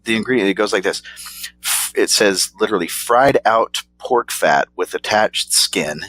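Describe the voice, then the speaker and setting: Male podcast co-host, low voice, relaxed rambling delivery, laughs easily. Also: moderate pace, dry recording. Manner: laid-back, rambling, chuckles often. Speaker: podcast co-host reviewing snacks. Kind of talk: casual chat.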